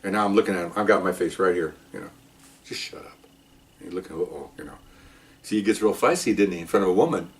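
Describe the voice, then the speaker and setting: A man in his sixties, a retired police officer telling an animated story, acting out sounds and voices and tossing in "okay" and "you know.". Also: low-pitched, racing. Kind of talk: casual storytelling. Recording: voice a bit far from the mic.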